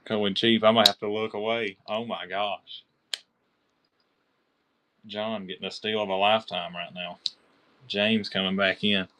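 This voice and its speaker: Kentucky man, low-pitched, excitable live auction seller who keeps naming his bidders. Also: fairly quick, a little hiss or hum. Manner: chatty, excited, calls out bidders by name. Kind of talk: live-stream auction selling.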